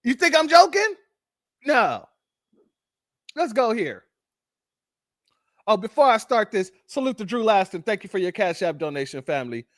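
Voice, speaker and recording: An American man hosting a live-stream commentary, sarcastic and animated, calling his viewers family. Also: high-pitched, normal speed, long pauses, dry recording, studio quality. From United States.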